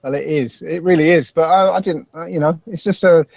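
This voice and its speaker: Man, Basildon accent, halting self-deprecating talk, slightly high voice, dry dull lo-fi sound. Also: creaky, a little mellow, no echo. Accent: Basildon, Essex. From England. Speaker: podcast guest. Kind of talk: casual chat.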